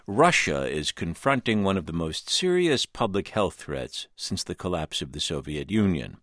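A male news anchor giving a crisp, authoritative scripted introduction. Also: low-pitched, very animated, normal speed, fairly bright tone, no echo, clean studio sound.

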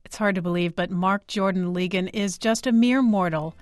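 A woman's voice: medium pitch, normal speed, no echo, studio quality. A woman hosting a radio news program, introducing and closing a segment. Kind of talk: news presenting.

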